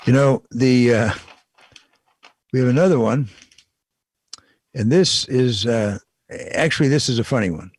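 A man's voice: medium pitch, a little slow, pauses often, darkish tone. An older man giving a casual, wry political commentary monologue, repeating his points and chuckling at the absurd bits. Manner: wry, repetitive, chuckling asides.

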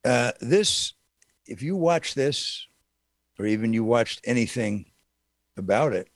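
A man with a mid-range voice delivers a political talk monologue in an indignant, sarcastic manner. He keeps jumping up into high, incredulous exclamations. The sound is dry and close to the mic. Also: lively intonation, takes it slowly, no room sound.

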